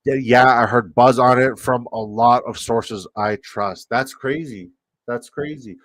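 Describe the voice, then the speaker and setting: A man's voice: mid-range voice, a little slow, fairly bright tone, no echo. A man with a Canadian accent, hosting a live fantasy football stream, rambling and swearing as he reacts to chat.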